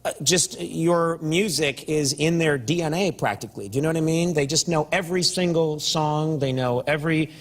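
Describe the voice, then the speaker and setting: A man's voice: a little high, moderate pace, hardly any pauses. A man hosting a late-night talk show in a television studio, asking questions with joking, self-mocking banter. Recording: studio audience and noise behind.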